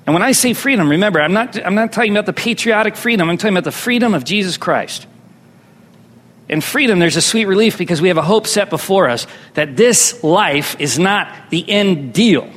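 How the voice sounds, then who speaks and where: A man's voice: high-pitched, animated, fairly quick, a bit bright. A man preaching a sermon as pastor, drawing his congregation into call-and-response. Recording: long reverb hall.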